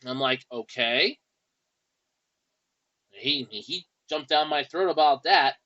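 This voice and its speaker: A man's voice: on the high side, bright, forceful tone, dull audio. A man hosting a podcast in a casual, rambling monologue with a wry tone and lots of fillers, speaking. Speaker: podcast host.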